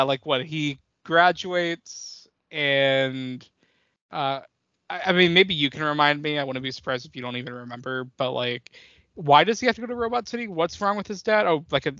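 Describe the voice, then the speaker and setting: A young man with a slightly high voice co-hosts a movie podcast in loose, animated chat. He rambles, swears freely and breaks into laughter. The sound is dry and a little muffled. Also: creaky, no room sound. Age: young adult. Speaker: podcast co-host.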